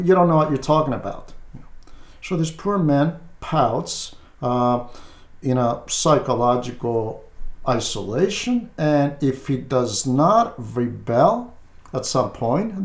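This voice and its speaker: A man, an Orthodox clergyman, giving pastoral advice at a measured pace with frequent hesitant fillers. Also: a little high, echoey room.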